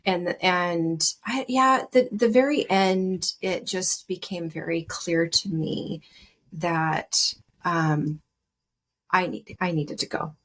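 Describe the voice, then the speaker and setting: A woman speaking as a podcast guest, soft and reflective, often hesitating and restarting her sentences. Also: on the low side, takes it slowly. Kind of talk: personal conversation.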